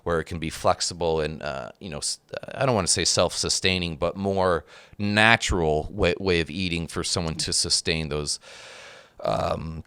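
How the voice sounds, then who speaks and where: A man's voice: sits low, moderate pace, pushed and bright, smooth, no room sound. A man hosting a podcast, a trainer talking casually with lots of fillers and restarts. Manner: rambling, many fillers and restarts. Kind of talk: casual conversation.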